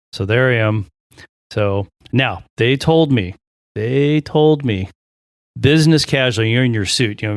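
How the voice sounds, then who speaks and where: A man, a pilot and podcast guest, telling a long story in a casual, animated way, acting out the voices of others and often restarting his sentences. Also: fairly low pitch, dry recording, clean studio sound. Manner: animated, acts out quoted voices, frequent restarts.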